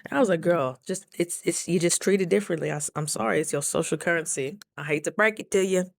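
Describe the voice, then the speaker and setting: A young woman vlogs in a casual, chatty way, acting out what others said with lively asides to her viewers. Her voice sits a bit low for a woman, and the sound is close and dry with no room around it. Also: fast talker, creaky, dry recording. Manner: chatty, animated, acts out quoted dialogue; frequent rhetorical asides to viewers. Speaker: vlogger. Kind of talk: casual storytelling vlog.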